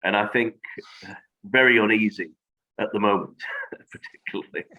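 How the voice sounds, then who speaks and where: A man speaking as a guest in a reflective conversation, measured and thoughtful, pausing on fillers. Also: lowish voice. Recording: dull lo-fi audio.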